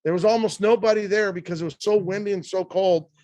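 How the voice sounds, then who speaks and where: A man in his sixties, a podcast guest telling a personal story in a lively, fast way, often restarting his sentences. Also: high-pitched, no echo.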